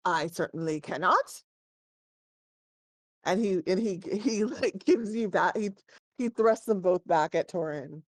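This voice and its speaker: A woman's voice: mid-range voice, measured pace, a little mellow, dry recording. A woman narrating as game master in a tabletop game, chatty and digressive, often correcting herself.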